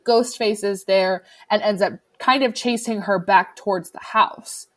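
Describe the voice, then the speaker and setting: Woman co-host, casual chat, animated storyteller. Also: medium pitch, a little slow. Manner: animated storytelling, acts out quotes. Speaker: podcast co-host. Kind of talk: casual chat recapping a film.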